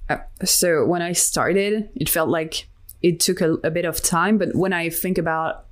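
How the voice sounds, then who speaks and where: A woman's voice: on the low side, a little slow. A young woman being interviewed about her art, talking candidly and reflectively, with many fillers and restarts. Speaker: interview guest, digital artist. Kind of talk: casual interview conversation.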